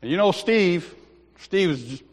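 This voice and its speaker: In a church sanctuary with long hall reverb, a lay preacher gives a sermon built around a personal story, acting out the dialogue and laughing at himself. His high-pitched voice is expressive and unhurried.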